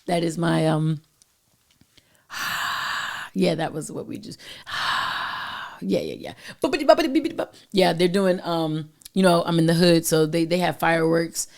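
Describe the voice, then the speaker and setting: A woman hosting her own podcast, chatting casually with playful, animated asides and quick self-corrections. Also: sits low, vocal fry. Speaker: podcast host. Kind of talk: casual solo podcast talk.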